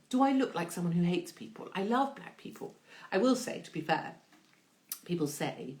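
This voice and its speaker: A woman hosts her own online show as a casual live stream, answering viewer questions in an irreverent, chatty way and swearing freely. Her darkish voice moves at normal speed with big pitch swings, jumping sharply in pitch when she reads questions aloud.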